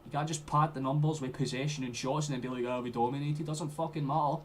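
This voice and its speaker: A young Scottish man streaming a football watchalong, chatting and swearing freely, with sudden loud outbursts at the play. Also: on the high side, steady tone, fast talker, slight background noise. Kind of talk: live match commentary to chat.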